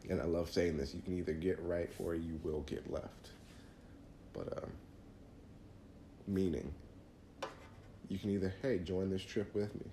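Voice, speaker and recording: A man's voice: low-pitched, steady tone, measured pace, long pauses, mellow, echoey room, a little hiss or hum. A man hosting a podcast, talking earnestly through faith advice in a casual monologue, often restarting phrases. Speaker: podcast host.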